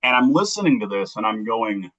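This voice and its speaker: A man's voice: on the low side, big pitch swings, fairly quick, fairly bright tone, lo-fi sound. A middle-aged man, an interview guest, earnestly telling a personal story on a livestream and acting out remembered dialogue.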